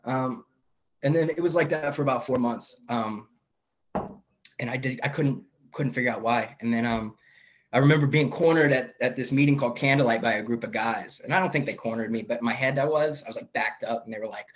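A young man tells his recovery story over a video call. He talks in a candid, rambling way, full of fillers and side comments, in a voice of ordinary middle pitch. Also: brisk. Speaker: AA meeting member sharing. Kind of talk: personal recovery share.

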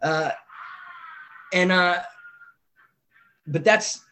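A man's voice: high-pitched, drawn-out words, bright, forceful tone, slight background noise. A man candidly sharing his recovery story on a video call, rambling and self-mocking, swearing casually.

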